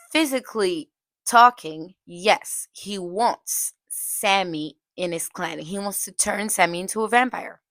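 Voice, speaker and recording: A young woman reviews a film in a casual, chatty way, packing her talk with "like" fillers and laughing now and then. Her voice is medium in pitch and a bit bright, with no echo.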